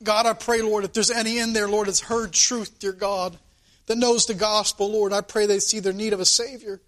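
A man's voice: high-pitched, flat delivery, normal speed, a bit bright. A man, a pastor, praying aloud from the pulpit in a fervent church service, punctuating his phrases with repeated calls to the Lord. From United States. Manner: repetitive, calling "Lord" and "dear God" between phrases. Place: church sanctuary.

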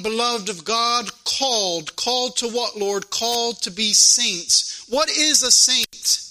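A man's voice: very high voice, bright, forceful tone, poor audio. A male pastor, preaching a fervent sermon and repeating phrases for emphasis.

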